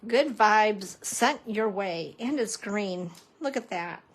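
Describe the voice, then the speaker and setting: A woman's voice: mid-range voice, lively intonation, slow. A woman papercrafting instructor chatting through a casual live-stream craft demo, playful and self-mocking with joking asides.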